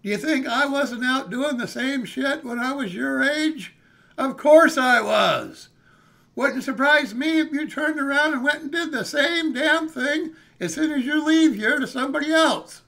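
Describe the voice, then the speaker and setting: A gruff, swearing older man scolds a bunch of teenagers, as an older American storyteller puts him on, his voice high with a gravelly edge. He sounds just like a man telling a story from his youth. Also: measured pace, pushed and bright, exaggerated voice. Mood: scolding.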